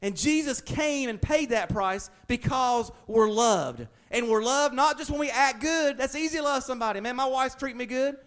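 A man's voice: extremely high pitch, lively intonation, normal speed, hardly any pauses, fairly bright tone. A man, a pastor preaching a conversational sermon that builds to emphatic, raised passages.

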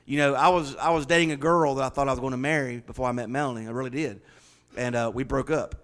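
A man preaching a sermon as pastor, swinging from loud, rising declarations to hushed, confiding stories. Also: mid-range voice, fairly even intonation, quick pace.

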